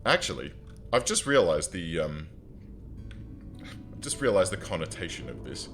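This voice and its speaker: A man's voice: low voice, very animated, normal speed, fairly bright tone, soft background music. A man streaming a strategy game, chatting casually and joking as he talks to his viewers and to his in-game characters. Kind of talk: casual let's-play commentary.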